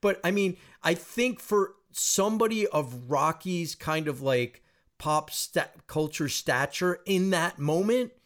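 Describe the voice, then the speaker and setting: A man's voice: on the high side, animated, slow, fairly bright tone. A man hosting a casual podcast, talking through a film in a rambling, self-deprecating way. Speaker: podcast host.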